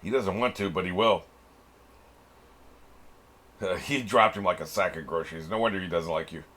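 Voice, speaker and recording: A man's voice: low-pitched, normal speed, a bit bright. A man hosting a reaction channel, giving casual commentary on an anime episode, laughing often and swearing freely.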